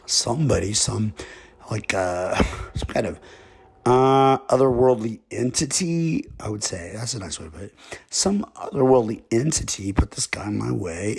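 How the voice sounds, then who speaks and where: A man's voice: lowish voice, gravelly. A man from Texas, telling a rambling comic story with a drawl and chuckling asides. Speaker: comedic storyteller.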